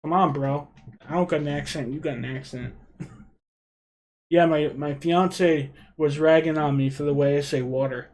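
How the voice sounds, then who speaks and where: A man's voice: fairly high pitch, steady tone, moderate pace, a little mellow, slight background noise. A young man from Rhode Island with a Rhode Island accent, hosting a casual livestream and chatting with viewers in a rambling way. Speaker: livestream host.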